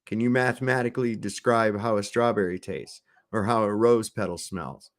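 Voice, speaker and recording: A man's voice: lowish voice, normal speed. A man hosting a casual commentary show, reacting sarcastically to videos with frequent swearing. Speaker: host.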